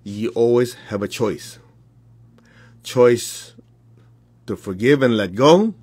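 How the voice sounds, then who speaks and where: Blunt male spiritual teacher, husky voice, dry close sound, talks straight to his followers. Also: medium pitch, dry recording. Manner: blunt, direct, laughs between points.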